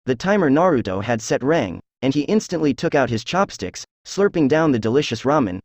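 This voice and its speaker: A man's voice: mid-range voice, sing-song, brisk, darkish tone, dry recording. Dry-sounding male storyteller. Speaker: narrator. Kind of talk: reading fan fiction aloud.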